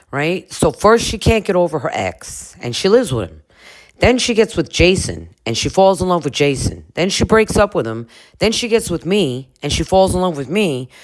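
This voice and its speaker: A woman's voice: on the low side, voice pushed up. A woman voicing an exasperated young man who feels invisible beside his crying girlfriend, ranting in disbelief. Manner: indignant, incredulous rant.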